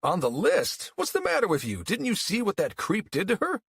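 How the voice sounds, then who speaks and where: A man voicing a shrill, indignant townsman. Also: sing-song, fast talker, a bit bright, dry recording, heavily acted. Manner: strained, raised and accusing.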